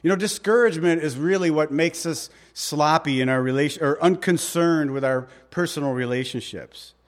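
Slightly high-voiced man preaching a sermon. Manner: conversational preaching, slows down to read verses, drops quiet for emphasis. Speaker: pastor.

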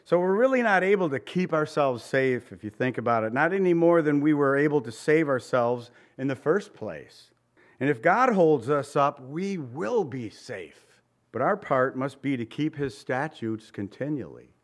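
A man's voice: fairly high pitch, lively intonation, moderate pace. A man preaching a sermon as pastor, in a conversational style full of rhetorical questions, now and then acting out the voices he quotes. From Italian family background.

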